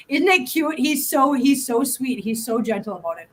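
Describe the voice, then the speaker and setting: A woman's voice: high voice, animated, moderate pace, fairly bright tone. A woman hosting a casual live stream, chatting and cooing baby talk at her cats with frequent laughs. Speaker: host.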